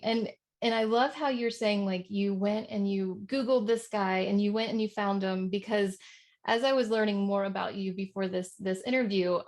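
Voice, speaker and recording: A woman hosting a live interview on a video call, affirming the guest and asking halting questions. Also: medium pitch, gravelly, a little mellow. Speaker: interviewer host.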